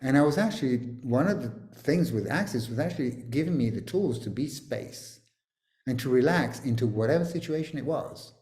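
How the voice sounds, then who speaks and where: Brief: male facilitator on a video call, lively teasing delivery, roomy echo. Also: medium pitch, fairly quick. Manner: animated, swearing, joking and teasing. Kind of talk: energetic coaching talk on a video call.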